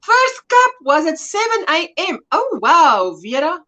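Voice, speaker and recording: A woman's voice: very high voice, very animated, unhurried, bright, forceful tone. A South African woman hosting a casual livestream chat, reading viewer comments aloud and laughing often. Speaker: livestream host.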